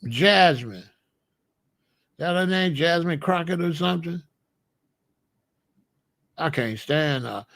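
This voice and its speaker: A man's voice: fairly high pitch, expressive, slow pace, vocal fry, long pauses, a bit bright, no room sound. A man giving a blunt, emphatic, scolding monologue to viewers in a live chat, speaking as a commentator.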